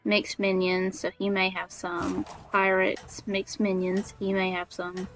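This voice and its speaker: A woman's voice: mid-range voice, little pitch movement, measured pace, few pauses, a bit bright, soft background music. A young woman from Alabama with a Southern accent, chatting in a bubbly, giggly way while she streams a game. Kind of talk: casual gaming livestream chat.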